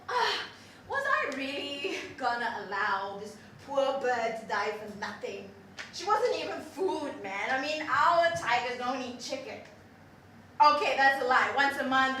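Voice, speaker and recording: A woman playing a foul-mouthed young zookeeper rants a story in a high, sharp voice. Her talk is animated and laced with swearing. It is captured from far off in a very echoey hall with faint hiss. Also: normal speed. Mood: ranting. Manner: ranting, profane, animated storytelling with laughs. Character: profane, restless young zookeeper ranting a story. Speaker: stage performer. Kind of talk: theatrical monologue.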